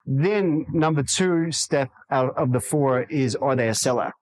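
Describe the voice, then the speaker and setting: Brief: animated man, slightly high voice, bursts into acted-out quotes. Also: normal speed, few pauses, poor audio. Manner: energetic, acts out quoted dialogue in higher voices. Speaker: real estate agent guest. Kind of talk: podcast interview.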